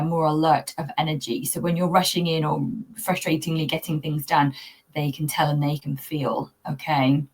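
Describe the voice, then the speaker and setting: A woman coaching pet owners in a talk-to-camera video, speaking in an earnest, reflective, gently spiritual way. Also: low voice. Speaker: cat anxiety coach. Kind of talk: talking-to-camera tips video.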